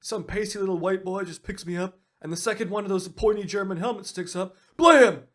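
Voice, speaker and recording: A man's voice: high-pitched, a little fast, fairly bright tone, pitched above the performer's own voice. A folksy, grandfatherly old veteran rifle, as a man puts him on, speaking in a raised voice. He drawls on like a kindly elder in a comedy skit.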